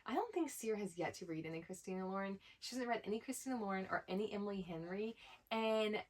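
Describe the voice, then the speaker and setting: A woman's voice: medium pitch, expressive, fast talker, rough recording. A woman co-hosting a casual book haul chat with her sister, gushing with enthusiasm about romance and fantasy novels. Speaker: co-host of a twin sisters' book channel.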